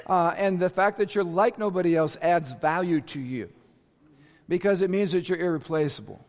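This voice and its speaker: A male pastor preaches to his congregation in a high, bright-sounding voice. He talks with energy, driving his points home, sometimes shouting, and slips in playful asides. His voice rings with the long reverb of a large church hall. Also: normal speed. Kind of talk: sermon.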